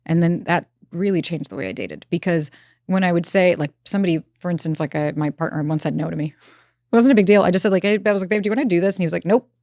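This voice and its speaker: A woman who is a relationship expert, telling personal stories in a relaxed interview and acting out her own inner dialogue. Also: fairly low pitch, quick pace, no room sound, studio quality. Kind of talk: conversational storytelling. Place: studio.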